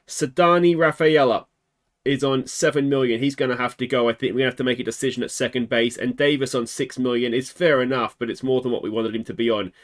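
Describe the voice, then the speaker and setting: A man's voice: medium pitch, fairly even intonation, quick pace. An Australian man hosting a game video, chatting casually and thinking aloud with wry asides. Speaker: gaming video host.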